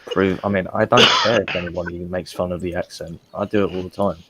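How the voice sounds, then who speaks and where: A man's voice: low-pitched, fairly even intonation, quick pace, noisy background. A man in a casual group voice chat, trading crude, teasing banter.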